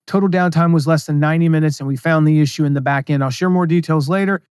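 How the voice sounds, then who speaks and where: Man, podcast host, casual teaching tone, slightly high pitch, dry close-mic sound. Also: steady tone, quick pace, darkish tone, clear, resonant tone, no echo. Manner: conversational, reads his own emails aloud, asides and fillers. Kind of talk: solo business podcast, casual instruction.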